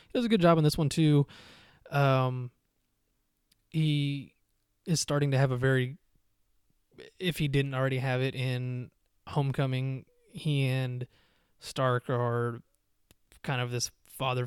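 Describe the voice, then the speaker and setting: A man's voice: medium pitch, a little mellow, clear, resonant tone, dry recording, clean studio sound. A man hosting a podcast, giving a rambling casual movie review with many fillers and restarts. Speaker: podcast host.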